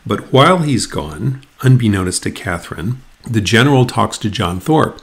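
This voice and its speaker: Guy explaining an old novel, reading bits out loud, fairly low voice, steady. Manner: explanatory, measured storytelling. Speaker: literature lecturer. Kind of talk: lecture with read-aloud passages.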